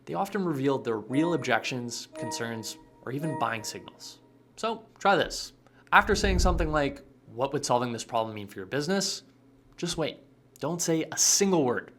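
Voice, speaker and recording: A man's voice: on the high side, a bit bright, slight background noise. A man giving scripted sales coaching narration with a punchy, emphatic delivery. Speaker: sales trainer.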